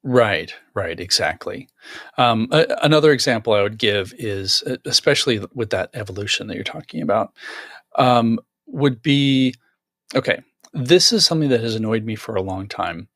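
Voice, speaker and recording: A man's voice: on the low side, lively intonation, normal speed, a bit bright, dry recording, studio quality. A man as a guest author in a casual tech conversation, chatty, with many fillers and restarts.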